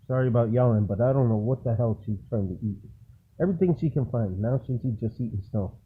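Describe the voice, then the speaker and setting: A man chatting casually to his dog in a home vlog, jumping up into high coaxing tones when he talks to her. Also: expressive, quick pace, breathy edge. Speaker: vlogger. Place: doorway into a snowy, windy yard. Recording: tinny phone-like recording with faint noise. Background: faint wind noise.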